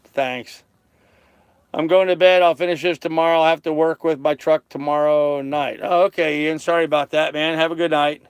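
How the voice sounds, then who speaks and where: A man's voice: fairly high pitch, steady tone, moderate pace, smooth, no room sound. An older man casually chatting with viewers on a live stream from his small sailboat, joking and laughing at his own jokes. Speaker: sailing vlogger on a live stream. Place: small sailboat cabin on a lake.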